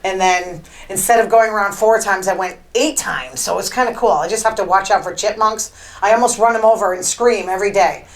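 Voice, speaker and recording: A woman's voice: medium pitch, a little fast, low-quality recording. A woman hosting her own show, telling rambling stories about her week in a chatty, casual way with lots of fillers. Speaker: podcast host. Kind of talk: casual monologue.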